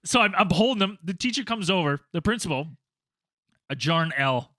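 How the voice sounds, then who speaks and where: A man on a podcast telling a story in casual chat, animated and profane, acting out quotes loudly. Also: high voice, normal speed, no echo. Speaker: podcast co-host.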